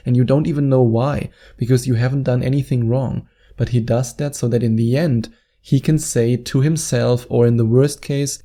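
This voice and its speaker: In a warm, mid-range voice, a man coaching on relationships delivers an earnest advice monologue for video. He keeps restating his points in new ways as he talks.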